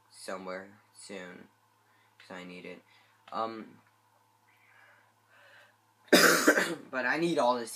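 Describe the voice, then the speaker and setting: A man's voice: sits low, creaky, sharp tone, a little hiss or hum. A man who is sick, giving rambling, hesitant gameplay commentary into a phone mic. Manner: rambling, hesitant, many fillers. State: sick, congested voice. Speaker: gameplay channel host. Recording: guitar music playing behind. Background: guitar music.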